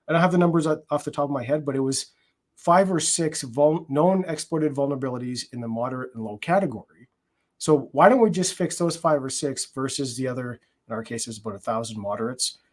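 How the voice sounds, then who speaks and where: A man's voice: fairly high pitch, fairly quick. A man working in product security, explaining his approach in a conference conversation, with frequent fillers and restarts.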